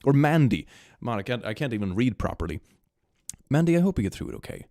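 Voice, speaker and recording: Animated young man chatting on stream. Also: medium pitch, fast talker, creaky, no echo, clean studio sound. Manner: animated, giggly, swings from hushed to excited. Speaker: streamer reading fan memes. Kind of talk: casual livestream chat.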